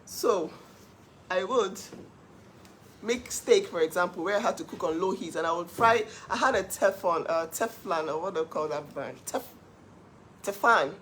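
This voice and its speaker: A woman who sells cookware, talking casually on a livestream in an animated, emphatic way and laughing often. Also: fairly low pitch, normal speed, slight background noise. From Nigeria. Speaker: cookware seller hosting a livestream.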